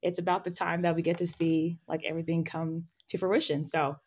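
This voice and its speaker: A woman professor guesting on a podcast, talking in an excited, upbeat and candid way. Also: on the low side, brisk, breathy edge. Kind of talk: casual interview chat.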